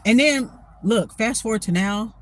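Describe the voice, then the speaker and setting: A woman telling a story in a casual vlog, blunt and profane, animated and quick to laugh. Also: a little high, a little hiss or hum. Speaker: storytime vlogger.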